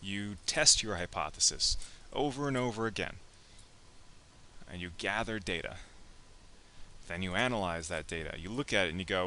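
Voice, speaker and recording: A man's voice: on the low side, lively intonation, moderate pace, bright, forceful tone, slight background noise. A young man teaching a casual, joking lecture on science and engineering, acting out imagined speakers with playful asides.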